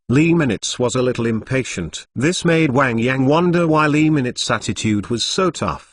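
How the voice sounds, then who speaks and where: A man's voice: mid-range voice, sing-song, moderate pace, few pauses, slight background noise. A man reading a translated novel aloud as scripted narration, reading spelled-out interjections letter by letter. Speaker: audiobook narrator.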